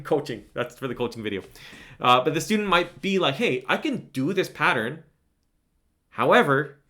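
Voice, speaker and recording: A man's voice: mid-range voice, a bit bright. A man teaching Quran recitation in an online lesson, explaining casually and enthusiastically, often checking in with "right?" and breaking into melodic chanting to demonstrate.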